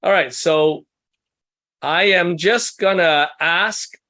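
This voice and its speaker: Leading a small-group workshop for ministry couples, this man uses casual teaching talk, asks the group questions, and makes self-deprecating asides. His voice sits on the high side and sounds bright and forceful, and he takes it slowly.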